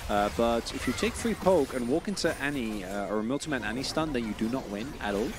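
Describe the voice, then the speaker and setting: A man doing casual esports commentary, chatty and relaxed, trading banter with a co-caster. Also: medium pitch, fairly quick, over music.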